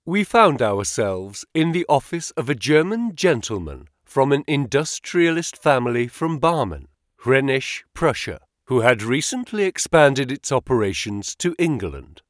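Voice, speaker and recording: A male narrator tells a period detective story in the first person, his pitch rising and falling in a lively, animated way. His voice sits mid-range and the recording is dry and close, with no room sound. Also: dry recording. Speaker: audiobook narrator.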